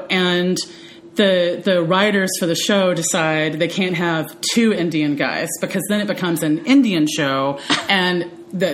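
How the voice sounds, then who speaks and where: A woman in casual conversation on a podcast, telling stories in an animated, chatty way with plenty of fillers. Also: fairly low pitch, slight background noise. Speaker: podcast co-host. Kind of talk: casual chat.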